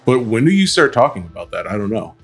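A man's voice: on the low side, very animated, fast talker, faint music behind. A man in his thirties co-hosting a podcast in casual, joking banter, who says he mumbles with his mouth half closed. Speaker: podcast co-host. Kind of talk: casual chat.

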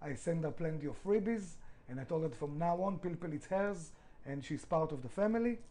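A man's voice: on the high side, expressive, brisk, dark tone, poor audio. A middle-aged man, a restaurant founder, telling his story in a podcast interview, emphatic, swearing freely, with non-native grammar.

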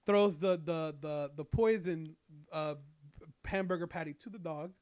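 A man's voice: on the high side, measured pace, darkish tone. A young man casually retelling a story, rambling and profane, with lots of fillers. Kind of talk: casual chat.

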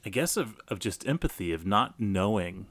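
A middle-aged man telling a personal story casually, animated, with many restarts. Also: lowish voice, moderate pace, no room sound. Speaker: guest storyteller.

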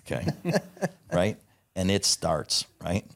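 A middle-aged man telling a profane, lively anecdote in casual conversation. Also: sits low, slow pace, vocal fry. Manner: profane, animated anecdote teller. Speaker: guest. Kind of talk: casual storytelling.

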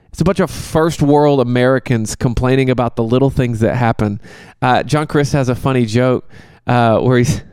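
Gravelly-voiced pastor, casual talk. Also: male voice, medium pitch, no room sound, studio quality. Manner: conversational, animated, joking asides.

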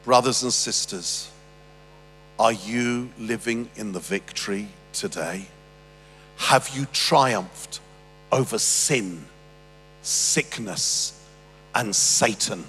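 A man imitating a triumphant celebrity preacher with a slow, drawn-out pulpit delivery. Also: lowish voice, bright, forceful tone, long reverb tail, faint music behind, voice pushed down, exaggerated voice. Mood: preachy.

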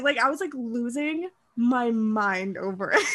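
A young woman co-hosting a podcast, telling stories in a casual, animated way with a lot of laughter. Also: a little high, unhurried. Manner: animated storytelling with frequent laughter. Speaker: podcast co-host. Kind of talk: casual chat.

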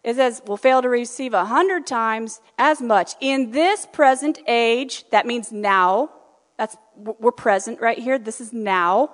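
A woman preaching a sermon in a conversational, animated way, acting out the voices she quotes. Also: on the high side, unhurried. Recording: reverberant hall.

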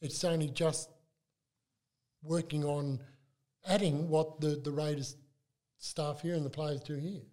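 Older Australian bloke, mellow and a touch high, halting chatty guest storyteller. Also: male voice. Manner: animated, halting storyteller with many restarts. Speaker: club mascot performer, guest. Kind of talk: casual interview chat.

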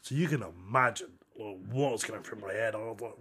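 A man co-hosting a podcast, telling a long story in casual chat, animated, swearing often and laughing as he talks. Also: medium pitch, fairly quick, slightly rough. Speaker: podcast co-host.

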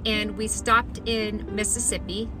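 A middle-aged woman recounts her story in a casual, chatty way, slipping into the voices of the people she talks about. Her voice sits at an ordinary pitch, and clear music plays beneath it throughout. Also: little pitch movement, a little slow.

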